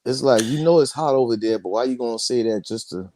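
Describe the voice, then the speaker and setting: A livestream host with a medium-pitched, mellow voice talks in a loose, slangy way and is quick to hand the floor to his guest. There's no echo.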